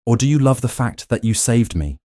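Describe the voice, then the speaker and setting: A man voicing a young woman who speaks flatly and bitterly, her voice trembling. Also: medium pitch, a little fast, dry recording, studio quality, pitched above the performer's own voice, lightly acted. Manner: flat, trembling, accusing.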